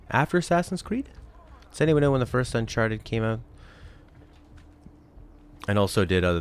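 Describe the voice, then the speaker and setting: Young man, very deep voice, lively swinging tone, casual rambling let's-play commentary. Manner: chatty, rambling, jokey. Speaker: gaming channel host.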